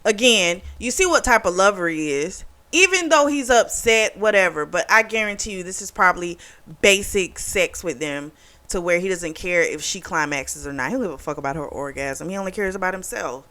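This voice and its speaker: A woman's voice: lowish voice, lively intonation, moderate pace, fairly bright tone. A woman hosting a book club, retelling a novel's plot in a casual, profane, indignant way and voicing the characters' quotes. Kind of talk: casual book review recap.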